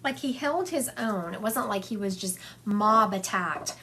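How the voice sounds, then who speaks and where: A woman's voice: mid-range voice, animated, measured pace, pushed and bright, a little hiss or hum. A woman psychic medium giving a chatty livestream reading, relaying and acting out spirit messages for her viewers. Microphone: phone livestream.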